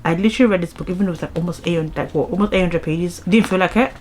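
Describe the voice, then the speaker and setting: A young woman chatting excitedly at home in a casual reading vlog, rambling and restarting as she gushes about books. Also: lowish voice, racing, a little hiss or hum. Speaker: book vlogger. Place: home, indoors.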